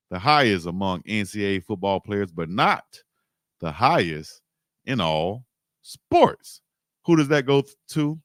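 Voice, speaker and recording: A man from South Georgia, hosting a casual livestream and chatting loosely with shout-outs. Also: fairly low pitch, no echo, clean studio sound. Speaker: livestream host.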